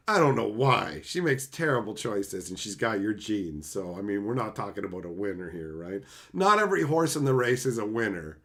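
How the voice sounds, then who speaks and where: Crude joking male streamer. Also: a bit bright. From Canada. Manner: crude, joking, frequent laughter; swings to low earnest advice. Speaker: streamer reacting to chat. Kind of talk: casual live-stream chat.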